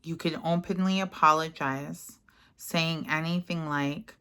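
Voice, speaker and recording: A woman leading a guided mirror-work lesson, speaking gentle, soothing affirmations. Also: sits low, slow. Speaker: self-help guide.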